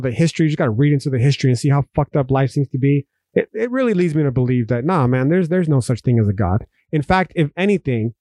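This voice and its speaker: Young dude from texas ranting on his podcast, swears constantly, kinda high voice, dry close mic. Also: warm tone, dry recording. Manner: profane, emphatic, ranting with frequent restarts. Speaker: podcast host. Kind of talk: solo podcast monologue. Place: home room.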